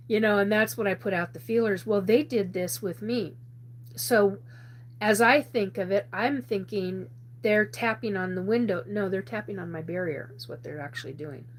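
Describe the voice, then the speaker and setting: A woman's voice: medium pitch, slight background noise. A woman hosting a live show, telling a personal story in a rambling way with many restarts and frequent laughter. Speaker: host.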